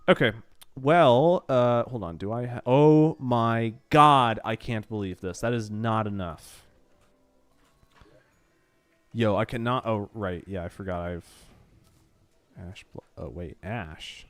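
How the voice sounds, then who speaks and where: A man's voice: fairly low pitch, lively intonation, slow pace, pauses often. A young man streaming a game, rambling and swearing with mock exasperation, nose running from allergies. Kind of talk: casual game stream chatter.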